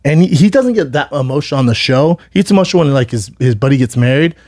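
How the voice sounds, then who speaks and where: A man's voice: mid-range voice, expressive, quick pace, darkish tone, dry recording, clean studio sound. A man hosting a podcast in casual chat, telling a long story in a rambling, profane way with many restarts. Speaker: podcast host.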